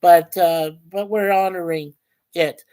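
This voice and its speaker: A man's voice: high-pitched, fairly even intonation, takes it slowly, dark tone, clear, resonant tone. A man, possibly middle-aged, hosting a casual livestream. He chats about his picks, reads viewer comments aloud, and greets people by name, often stumbling and repeating words. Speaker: livestream host.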